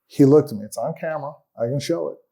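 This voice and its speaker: A man, a guest on a talk show, earnestly recounting a personal ordeal in an aggrieved tone, often trailing off quietly at the ends of sentences. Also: a little high, fast, gravelly, slightly rough.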